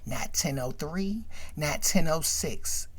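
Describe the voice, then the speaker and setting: A woman putting on the voice of a threatening male street dealer, speaking low and slow. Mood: menacing.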